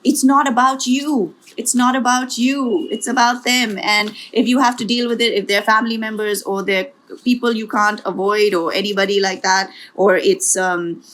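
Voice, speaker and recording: A woman's voice: on the high side, fairly even intonation, moderate pace, hardly any pauses, fairly bright tone. A woman giving a tarot reading as a spiritual coach, speaking earnestly and encouragingly, often repeating herself and adding asides.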